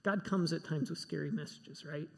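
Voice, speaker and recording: A man's voice: fairly high pitch, normal speed, vocal fry, darkish tone, slightly rough. A man preaching a sermon, emphatic and given to repeating himself. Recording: long hall reverb.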